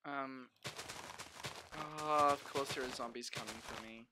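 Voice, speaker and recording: A young man streaming a game, chatting casually and swearing freely. He talks to his viewers and to himself, with sudden excited outbursts. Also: mid-range voice, unhurried, noisy background. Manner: talks to the chat and himself as he plays. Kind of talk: casual gameplay commentary.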